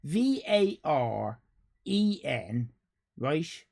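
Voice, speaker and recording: Drawing out his words, an Irish man speaks in a slightly high, sing-song, creaky voice with a darkish tone. He keeps things casual with his live-stream audience, rambling, joking, and addressing people in chat by name.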